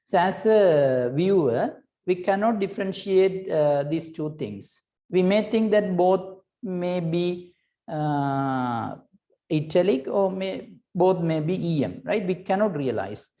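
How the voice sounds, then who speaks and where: A woman's voice: fairly low pitch, animated, slow, dark tone. A woman teaching a recorded lesson, patiently explaining and checking in with "right?" between points, with hesitant restarts.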